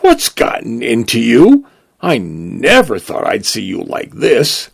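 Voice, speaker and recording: A man voicing a robot delivery vehicle that is startled and fussy, speaking in quick exclamations. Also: mid-range voice, huge pitch swings, gravelly, breathy edge, full character voice. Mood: aghast. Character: flustered robot delivery vehicle, male-sounding.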